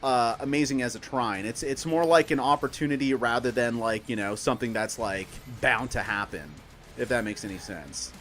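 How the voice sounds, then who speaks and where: A man's voice: medium pitch, moderate pace, fairly bright tone. Rambling man explaining casually. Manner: rambling, many fillers and restarts. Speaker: streamer teaching astrology. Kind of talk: casual explanatory chat while gaming.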